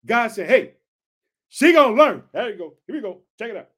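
Speaking fast in a husky, fairly bright voice that sits high, this man teaches Scripture with fervent energy. He repeatedly asks whether listeners heard, says "check it out," and addresses them as family.

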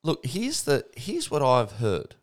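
Man, podcast co-host, teasing dry wit, pitch swings widely. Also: wildly swooping pitch. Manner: teasing, quick dry interjections. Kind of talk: casual banter.

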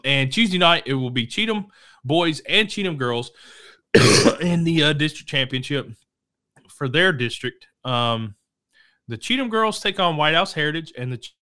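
A man hosting a local high school sports show, talking casually and rambling, correcting himself and coughing now and then. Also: bright, forceful tone, clear, resonant tone. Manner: rambling, self-correcting, chatty. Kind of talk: casual sports talk to camera.

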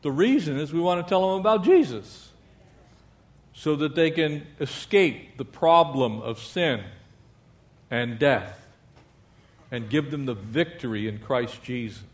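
Male pastor, fairly high voice, lively sermon with call-and-response amens and jokes. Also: measured pace, long pauses.

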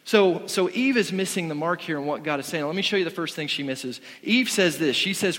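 A man's voice: on the high side, expressive, fairly quick, hardly any pauses, fairly bright tone. Earnest preaching man in a reverberant hall. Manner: earnest, conversational preaching with frequent restarts. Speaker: pastor. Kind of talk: sermon.

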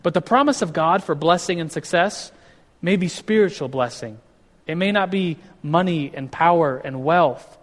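A man's voice: a little high, normal speed. Man preaching in a reverberant hall. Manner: conversational, with many restarts and acted-out quotes. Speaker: pastor. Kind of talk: casual teaching sermon.

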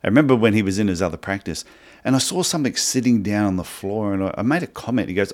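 A man's voice: fairly low pitch, quick pace. An Australian man co-hosting a podcast, chatting casually and acting out bits of dialogue as he tells anecdotes. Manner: animated anecdotes, acts out dialogue. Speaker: podcast co-host. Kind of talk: casual podcast chat, storytelling.

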